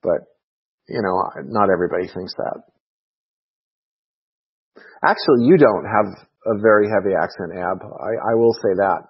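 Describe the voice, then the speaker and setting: Inquisitive male co-host; husky, lowish voice, dull lo-fi sound. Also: normal speed, long pauses. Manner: curious, asking many questions. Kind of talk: casual chat.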